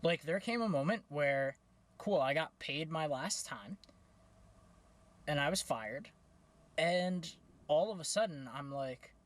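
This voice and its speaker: A man's voice: a little high, lively intonation, slow, long pauses. A young man telling a casual storytime vlog, candid and chatty, with fillers and self-corrections. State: out of breath. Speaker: vlogger. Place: home, then in his car.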